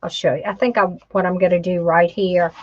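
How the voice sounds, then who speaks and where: A woman speaks briskly in a fairly low, steady-toned voice as she hosts a craft tutorial. Chatty and talking to herself while she works, she uses "y'all" in this casual crafting demo, captured on dull, lo-fi home video audio.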